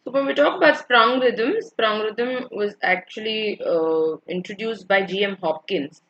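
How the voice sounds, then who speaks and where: A woman's voice: mid-range voice, measured pace, a bit bright, lo-fi sound. A woman teaching an online literature class, explaining points patiently, repeating them and checking in with her students. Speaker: English literature lecturer. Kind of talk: online lecture.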